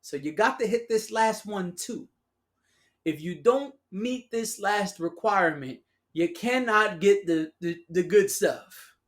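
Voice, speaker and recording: Solo podcast host, mid-pitched voice, sarcastic and slangy, riffs casually straight to the listeners. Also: lively intonation, measured pace. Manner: sarcastic, laughs at own remarks; slangy, addresses listeners as y'all.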